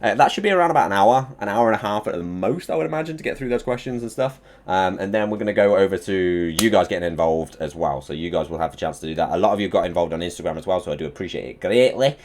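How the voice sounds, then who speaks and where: A young man hosting a casual live stream, excitable and swearing as he hypes up his chat before an interview. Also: low voice, fast talker, hardly any pauses.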